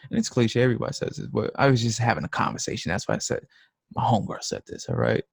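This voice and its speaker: A man's voice: medium pitch, expressive, fast, vocal fry, husky, no echo, studio quality. A young man hosting a live trading stream, talking in a blunt, slangy, emphatic casual rant.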